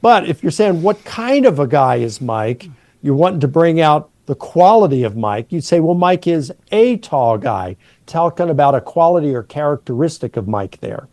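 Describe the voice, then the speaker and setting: A middle-aged man, a New Testament professor, patiently explaining Greek grammar and slowing down to stress key words. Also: a little high, animated, darkish tone, no echo.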